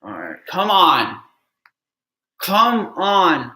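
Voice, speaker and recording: A man's voice: high-pitched, huge pitch swings, extremely slow, sharp tone, roomy sound. A man reacting live to a ballgame as a fan streamer, anxious and pleading, with heavy sighs.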